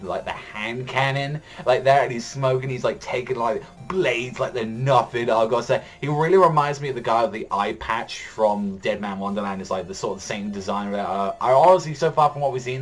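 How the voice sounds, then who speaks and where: A man's voice: mid-range voice, brisk, hardly any pauses, soft background music. A young man giving a casual recap of a manga chapter, rambling, filling his talk with "like" and frequent swearing. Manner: rambling, heavy use of "like", swears often. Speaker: anime and manga reaction vlogger.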